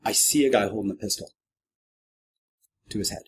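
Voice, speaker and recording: A man's voice: normal speed, slight background noise. A middle-aged man, a professional clown, guesting on a podcast and telling a story with wry, self-deprecating humor, jumping into quoted voices. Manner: lively, acts out quoted voices with big pitch jumps. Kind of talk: animated anecdotal storytelling.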